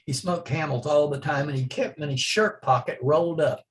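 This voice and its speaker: A man's voice: a little high, fairly quick, a little hiss or hum. Older man spinning rambling racing yarns. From Oklahoma. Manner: rambling anecdotes, chuckling often. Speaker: interview guest, retired drag racer. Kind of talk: casual storytelling.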